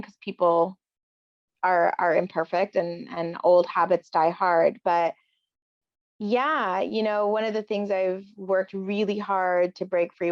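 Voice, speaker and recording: A woman guest in an easygoing conversation, speaking at a middle pitch and thinking aloud. She is candid and reflective, and slips into the voices of her own remarks. The sound is dull and lo-fi, with a dry, close feel. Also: no echo. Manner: candid, reflective, acts out quoted lines. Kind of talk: casual chat.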